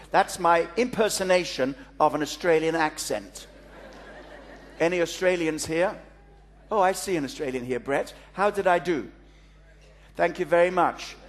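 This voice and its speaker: Man preaching with a high, storytelling voice. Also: normal speed. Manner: storytelling, playful asides to the congregation. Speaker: pastor. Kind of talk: sermon. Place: church before a congregation.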